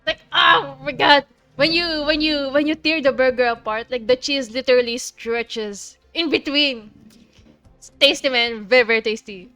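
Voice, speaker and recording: While streaming a game, a woman from the Philippines keeps up a casual chat in her Filipino accent, laughing a lot and cursing without restraint. She sounds high-pitched, bright and forceful at a normal speed, with faint music behind her.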